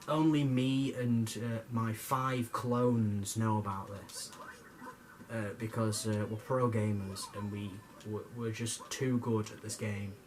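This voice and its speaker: A man's voice: medium pitch, a little hiss or hum. A young man giving jokey, rambling commentary over his gameplay, stammering and swearing now and then. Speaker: gamer.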